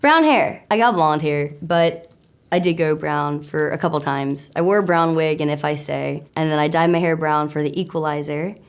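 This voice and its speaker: A young American woman answers questions in a loose, giggly, self-mocking way. Her voice sits a little low and carries a slight rasp. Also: normal speed. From United States. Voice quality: slightly raspy. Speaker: actor answering web search questions. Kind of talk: casual interview.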